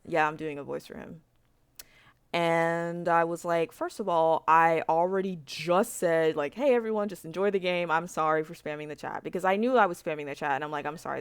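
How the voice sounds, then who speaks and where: A woman's voice: low-pitched, fairly quick, clear, resonant tone, no echo. A young woman telling a story to camera in a frank, rambling rant, with lots of fillers and swearing. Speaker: vlogger.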